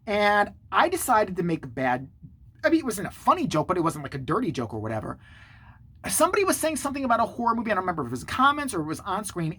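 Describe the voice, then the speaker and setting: A man hosting his own channel, telling a story to the camera in a sarcastic, profane, animated way. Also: high voice, breathy edge. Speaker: channel host.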